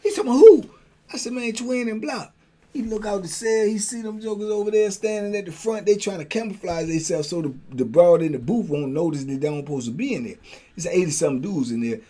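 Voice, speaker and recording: Briskly and with a high-sitting voice, an older host shares a prison tale in casual slang. He brings it to life by acting out the other people's voices.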